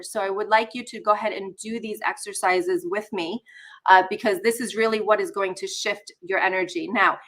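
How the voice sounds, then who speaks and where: Feeling a little under the weather, a woman runs a live online session, teaching in a chatty way, speaking directly to viewers and greeting the chat. Her mid-range voice is bright and forceful.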